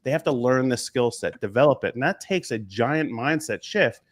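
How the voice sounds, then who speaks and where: Emphatic business coach from New York. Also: male voice, mid-range voice, lively intonation. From Long Island, New York. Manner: emphatic, quick lists of short phrases. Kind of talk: casual talk show conversation.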